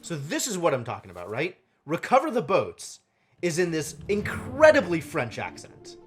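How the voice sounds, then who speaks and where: A man's voice: on the high side, wildly swooping pitch, moderate pace, soft background music. A man streaming a game live, thinking aloud and muttering counts to himself as he works through a puzzle. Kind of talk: live gameplay commentary.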